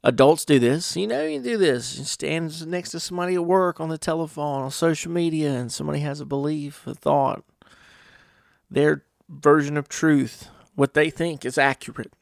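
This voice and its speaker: A man's voice: on the high side, fairly even intonation, moderate pace, creaky, no room sound, clean studio sound. A middle-aged man hosting a casual podcast monologue, rambling and wry, often acting out other people's voices. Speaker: podcast host.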